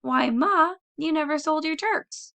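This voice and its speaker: An eager young farm boy, blunt and wide-eyed, his voice jumping high and loud, as a woman reading an audiobook puts him on. Bright and forceful, every question comes out as an exclamation. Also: measured pace, gravelly, exaggerated voice. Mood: astonished.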